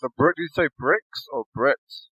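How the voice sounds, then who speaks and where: Male host, husky, short prompting questions, lo-fi dull audio. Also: medium pitch, normal speed, bright, forceful tone, no room sound. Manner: brief, polite prompting questions. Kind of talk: conversational interview. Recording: dull, lo-fi dry sound.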